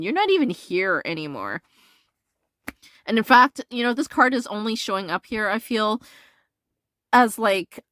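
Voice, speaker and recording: A woman giving a casual tarot reading, blunt and sassy, swearing freely, padding her talk with fillers and jumping up in pitch when she gets indignant. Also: no echo, studio quality. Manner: animated jumps into a higher pitch when indignant. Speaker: tarot reader.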